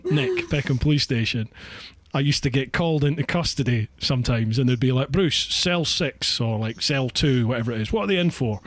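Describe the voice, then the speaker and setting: Scottish male podcast host, relaxed and self-mocking, mid-pitched. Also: dry recording. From Scotland. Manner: chatty, laughs often, self-deprecating. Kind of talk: casual chat.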